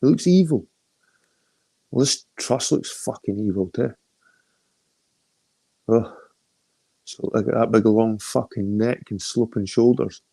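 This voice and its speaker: A man's voice: fairly low pitch, steady tone, slow pace, creaky, pauses often, warm tone, breathy edge, no room sound. Scottish man rambling on a phone stream. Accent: Edinburgh Scottish. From Scotland. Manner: rambling and profane, greets viewers by name. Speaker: livestream host. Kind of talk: casual live-stream chat.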